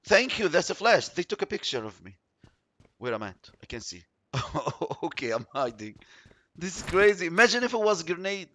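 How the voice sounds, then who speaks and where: Lively, excitable gamer man. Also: high voice, fairly quick. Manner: chatty, excitable, yelps when surprised. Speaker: mobile game streamer. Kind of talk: excited gameplay commentary.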